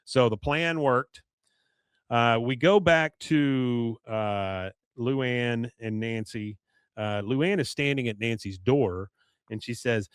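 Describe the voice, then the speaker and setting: A man hosting a podcast, casually recapping an episode, rambling with fillers, coughs and a tiring, hoarse voice. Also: medium pitch, a little slow, dry recording, studio quality. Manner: rambling retelling with many "uh"s, coughs and throat clearing. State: voice going hoarse. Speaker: podcast host.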